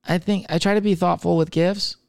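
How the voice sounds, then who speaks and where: Loose, swearing young man with a smooth voice. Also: high-pitched, steady tone, brisk, dry recording, studio quality. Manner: loose, rambling, swears freely, laughs at himself. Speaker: comedian and podcast host. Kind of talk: casual solo chat.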